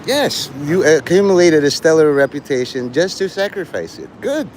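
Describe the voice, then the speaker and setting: A man's voice: on the high side, very animated, normal speed, a little hiss or hum, rough recording. A man rambling through a profane live-stream monologue, jumping from topic to topic. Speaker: livestreamer.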